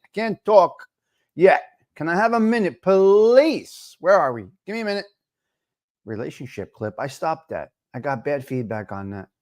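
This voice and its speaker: Man, live-stream host, animated pitch, rambling chatty delivery, greets viewers by name. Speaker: livestream talk show host. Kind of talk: casual live-stream chat.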